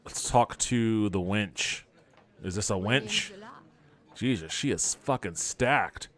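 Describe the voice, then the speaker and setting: A man's voice: lowish voice, slow pace, a bit bright. A man hosting a podcast, casually commenting on a video game and reading its text aloud with wry asides.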